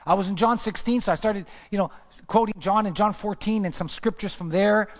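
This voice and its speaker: Delivering a testimony sermon, a male pastor with a fairly high voice tells his story animatedly and at a fairly quick pace, his voice jumping sharply when he acts out his own words. A long reverb suggests a large church hall.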